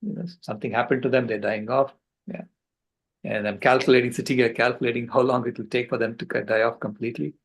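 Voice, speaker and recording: Gravelly older man telling an earnest story. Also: mid-range voice, level tone, rough recording. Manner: earnest, passionate, with halting restarts. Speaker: conference speaker. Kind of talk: storytelling talk. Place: at home on a video call. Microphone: video call.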